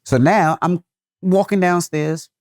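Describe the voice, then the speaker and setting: A man co-hosting a podcast, telling a long story in a casual, profane, animated way. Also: high-pitched, slow pace, dry recording, clean studio sound. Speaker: podcast co-host.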